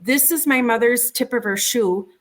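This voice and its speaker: A middle-aged woman, an interview guest, recounting a personal experience in a conversational, halting way, often repeating words and restarting her sentences. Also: fairly high pitch. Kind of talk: conversational storytelling.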